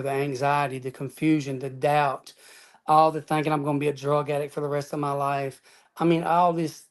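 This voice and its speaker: A man's voice, pitched a touch above the usual for a man. He tells his own story in an interview with earnest emphasis, leaning on "man" and "y'all" as he goes. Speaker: interview guest. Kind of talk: personal testimony storytelling.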